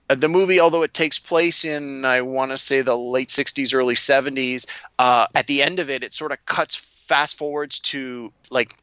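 A man co-hosting a podcast, reviewing films in casual chat and speaking in a hesitant, halting way. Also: mid-range voice, sharp tone, clean tone, no echo, dull audio. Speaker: podcast co-host.

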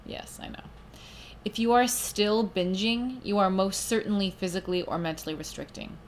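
A woman's voice: medium pitch, a bit bright, slight background noise. A young woman hosting a casual solo podcast, tired and rambling in a frank, scattered way. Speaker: podcast host.

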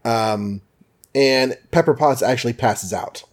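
A man co-hosting a podcast, casually recapping an old comic book with jokes and quick quoted voices. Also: medium pitch. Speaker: podcast co-host.

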